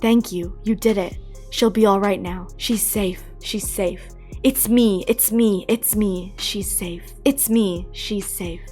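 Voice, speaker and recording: A gentle ghost woman, voiced by a woman reading a spooky storybook, speaking in a soft, warm, hushed way. The voice stays quiet and soothing, with faint music behind it. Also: mid-range voice, steady tone, slow pace, natural voice.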